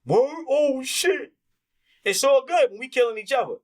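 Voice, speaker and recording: A man's voice: very high-pitched, animated, normal speed. A man talking as an interview guest in a heated, candid conversation, impassioned and profane, acting out the voices he quotes.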